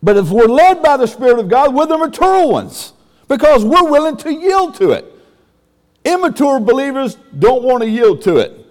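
A man delivers a sermon in a folksy, emphatic preaching manner, breaking into sudden exclamations. His voice sits high. The sound carries a long reverb, as if recorded in a large church hall. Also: big pitch swings, normal speed. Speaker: pastor.

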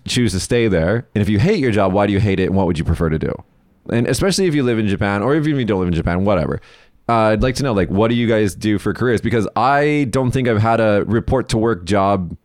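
A man's voice: lowish voice, darkish tone, no room sound, studio quality. A man hosting a casual chat, telling stories bluntly with lots of swearing and acted-out quotes. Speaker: podcast host. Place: lives in Japan.

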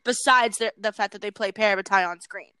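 A woman's voice: mid-range voice, a little fast, pushed and bright, smooth, dry recording, low-quality recording. A woman hosting a casual chat, speaking in an earnest and emphatic way. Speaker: host.

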